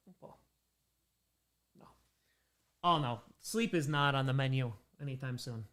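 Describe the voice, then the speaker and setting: Man, livestream host, casual joking chat, fairly high voice, smooth and clear. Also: moderate pace, long pauses, a bit bright. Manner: joking, in-character banter as a made-up persona.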